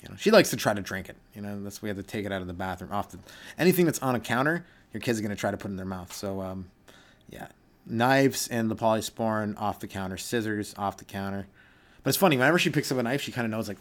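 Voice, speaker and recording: A man's voice: lowish voice, animated, quick pace. A young adult man, a stand-up comedian hosting his own podcast, rambling through a solo comedic rant and slipping into goofy voices for his bits.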